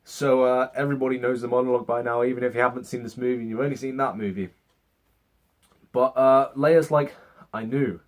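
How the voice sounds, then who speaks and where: A man's voice: mid-range voice, fairly even intonation, fast. A young man giving a casual, sarcastic movie review, swearing freely and acting out scenes in mock voices.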